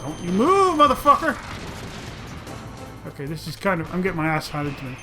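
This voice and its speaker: A man giving excitable, profane gameplay commentary, often breaking into loud outbursts, over game music. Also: high voice, brisk. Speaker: let's play host.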